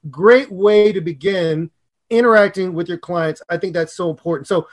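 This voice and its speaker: A middle-aged man co-hosting a podcast on public speaking, talking in an excitable, animated way with big jumps in pitch and loudness. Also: normal speed. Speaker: podcast co-host and speaking coach.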